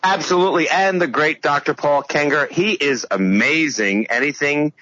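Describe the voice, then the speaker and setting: A man's voice: a little high, moderate pace, sharp tone, dry recording. A man who teaches, speaking as a regular guest on a radio show, talking with emphasis and many fillers. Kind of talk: casual radio commentary. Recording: dull, dry lo-fi remote line.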